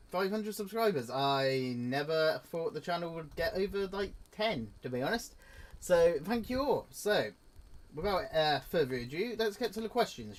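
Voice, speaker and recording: A young man from England with an Oxfordshire accent and a slight country twang, chatting casually to his channel's viewers and often pausing on "uh" as he restarts his sentences. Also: fairly high pitch. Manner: chatty, lots of "uh" and self-interrupting restarts. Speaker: YouTuber. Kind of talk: casual Q and A to camera.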